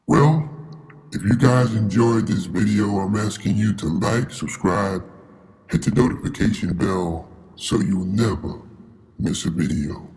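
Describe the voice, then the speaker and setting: A man's voice: lowish voice, unhurried, darkish tone. A man hosting his own channel, telling a personal story in a conversational way and speaking straight to his viewers. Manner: conversational, addresses viewers directly. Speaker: channel host. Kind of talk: casual storytelling to camera.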